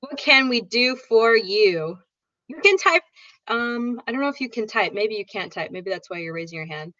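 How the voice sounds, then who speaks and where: A woman teaching English pronunciation in an online class, upbeat and demonstrative, repeating sounds slowly for her students. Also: fairly high pitch, animated, bright, forceful tone, dry recording. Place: online video call. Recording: dull lo-fi video call audio.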